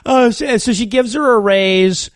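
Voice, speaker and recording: Man, podcast co-host, sarcastic movie recap, profane, high-ish voice, dry close sound. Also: a little slow, dry recording. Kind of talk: casual comedic movie recap.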